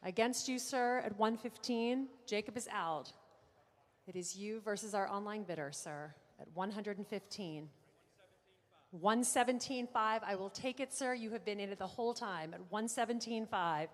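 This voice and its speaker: Woman, auctioneer, rapid bid calling, teasing asides, long echoing hall. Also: medium pitch. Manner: brisk bid-calling with playful asides to bidders. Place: large auction room.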